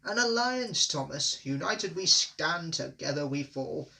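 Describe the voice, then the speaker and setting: A man's voice: on the high side, a little slow, bright, forceful tone. Gordon, a man doing a pompous big express engine. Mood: grand. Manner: grand, chortling, pompous. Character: big proud boastful male express engine.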